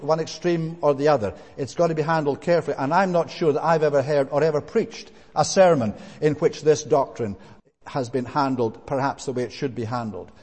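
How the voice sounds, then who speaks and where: A man's voice: on the high side, a little mellow. A man preaching a sermon, emphatic and repetitive, with frequent hesitant fillers. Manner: emphatic, repeats points with rising stress, frequent "eh" and "uh" fillers. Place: church. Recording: long reverb of a church hall.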